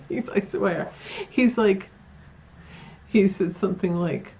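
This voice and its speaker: A woman's voice: medium pitch, measured pace, creaky, a little mellow. A woman telling her own paranormal stories at home in a casual, chatty way, with many fillers and acted-out quotes. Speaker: paranormal vlogger. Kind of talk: casual storytelling to camera. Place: at home, near a bedroom.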